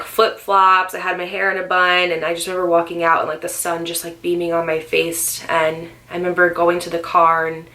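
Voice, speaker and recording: A young woman in her twenties tells her own story straight to the camera, candid and emotional, with plenty of "like" and "um". Her voice sits a little low but sounds bright and clear. It is an intimate, personal vlog storytime. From Northeastern US. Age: 20s. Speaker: vlogger.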